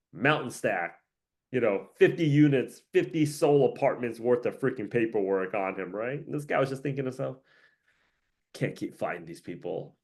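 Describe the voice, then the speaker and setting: A man hosting a casual career-coaching monologue, rambling, joking and laughing often. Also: mid-range voice.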